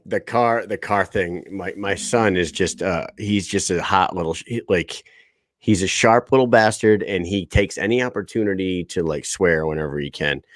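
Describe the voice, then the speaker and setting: A man's voice: lowish voice, no echo. Male host in his thirties, loose and profane, dry close-miked read. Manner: swears freely, laughs often, quick storytelling. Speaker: podcast host. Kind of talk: casual chat.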